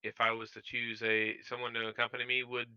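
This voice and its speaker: A man's voice: mid-range voice, completely flat delivery, a little fast, sharp tone, clear, resonant tone. A man playing a tabletop game, speaking in character in a hesitant way, on dull, lo-fi voice chat audio. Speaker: player.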